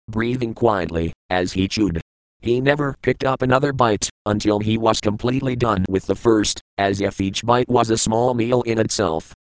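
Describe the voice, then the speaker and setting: A man reading a first-person audiobook narration in an even, measured way, recorded in a studio booth. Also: fairly low pitch, clean tone, dry recording, low-quality recording.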